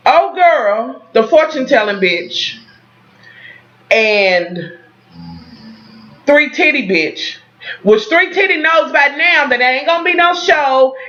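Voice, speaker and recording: Loud, profane woman vlogger recapping TV. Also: sits high, highs cut off. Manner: profane, dramatic, talks straight to viewers. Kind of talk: animated casual recap.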